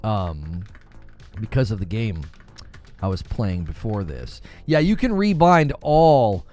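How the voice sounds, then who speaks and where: A man hosting a casual gaming news live stream, talking straight to his chat in an animated way. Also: on the low side, slow, faint music behind.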